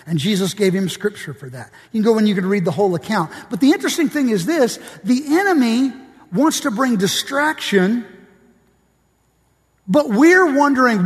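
High-voiced man preaching in a reverberant hall. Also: animated, moderate pace. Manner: reads quotes from books aloud, asks the congregation questions. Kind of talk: sermon.

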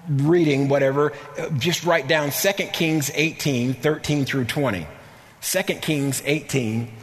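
A middle-aged man preaching a sermon in a church, animated, repeating words and sometimes rising to near-shouts. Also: on the high side, long reverb tail.

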